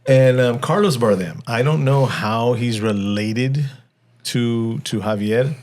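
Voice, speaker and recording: A man's voice: medium pitch, takes it slowly, darkish tone, slight background noise. Rambling male podcast co-host. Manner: rambling, stumbling restarts, laughs often. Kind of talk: casual movie review chat.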